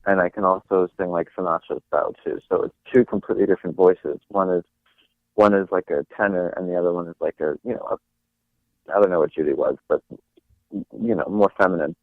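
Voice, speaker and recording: A man's voice: low-pitched, a little fast, no echo. A young man from New York, a guest actor talking casually in an interview, hesitant and full of fillers and restarts. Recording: dry tinny phone line.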